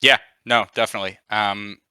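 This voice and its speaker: A man with a low voice co-hosts a casual podcast. His tone is very bright and crisp, and the sound is close and dry. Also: steady tone, fairly quick, no echo. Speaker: podcast co-host.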